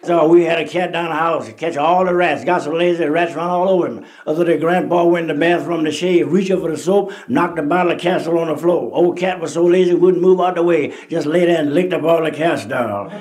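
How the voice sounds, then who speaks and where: A man's voice: a little high, brisk, few pauses, a little mellow, a faint crowd. A man telling laid-back, drawling stand-up stories and dry one-liners. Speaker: stand-up comedian. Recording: old noisy live album recording.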